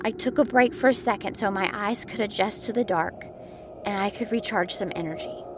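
A woman's voice: medium pitch, fairly quick, background noise. A woman narrating a first-person scary story, building tension and sometimes dropping to a whisper. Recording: clear music bed behind voice.

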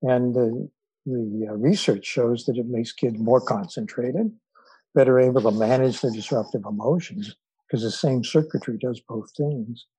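A man speaks as a podcast guest with a very husky, mellow voice, unhurried and thoughtful, often pausing on fillers as he tells stories. His voice sits in a middle register. It is recorded close and dry, with no room sound. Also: mid-range voice, no echo, rough recording. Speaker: interview guest, psychologist and author. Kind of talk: relaxed storytelling in conversation.

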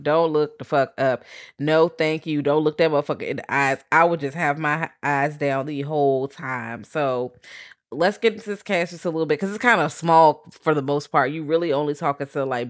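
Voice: mid-range voice, moderate pace, no room sound, clean studio sound. A podcast co-host in a casual movie review chat, talking in a blunt, profane, joking way.

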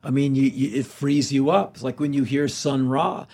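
A man's voice: medium pitch, steady tone, moderate pace, vocal fry, darkish tone, slight background noise. A man in his sixties, a podcast guest, telling stories in casual chat and acting out the people he quotes.

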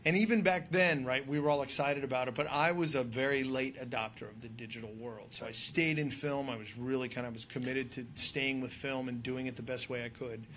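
A man speaking as a guest on a casual podcast chat, telling stories in an animated, conversational way with filler words. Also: medium pitch, brisk, hardly any pauses, slight background noise. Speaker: guest filmmaker and drone pilot.

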